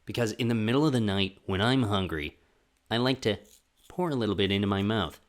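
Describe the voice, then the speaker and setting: A man's voice: on the low side, brisk. A young man hosting a casual solo podcast, rambling and self-deprecating as he talks on his own. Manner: rambling, self-deprecating, jumps into loud sung and acted bits. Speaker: podcast host.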